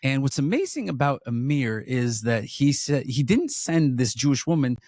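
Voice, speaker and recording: Man, earnest, halting restarts, casual chat, dry close recording. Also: mid-range voice, big pitch swings, a little mellow, no room sound. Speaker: ministry co-leader.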